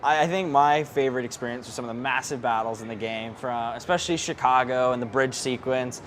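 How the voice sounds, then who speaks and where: A man's voice: medium pitch, a little fast, fairly bright tone, slight background noise. A man hosting a podcast in a casual promotional chat, rattling off lists of features at an indoor launch event. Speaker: podcast host.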